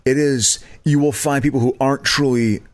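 A middle-aged man co-hosting a podcast, rambling in casual chat and jumping into high mock outrage. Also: steady tone, moderate pace. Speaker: podcast co-host.

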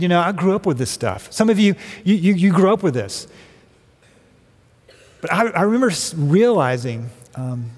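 A middle-aged man preaching a sermon in a church, telling a personal story in a relaxed, joking way. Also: a little high. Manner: conversational storytelling with humor. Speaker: guest speaker. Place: church sanctuary. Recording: long reverb of a large hall.

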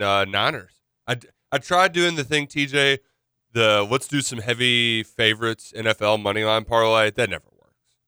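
Man, radio co-host, very crisp resonant voice, slightly low, rueful. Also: pushed and bright, dry recording, clean studio sound. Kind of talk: casual sports-betting talk.

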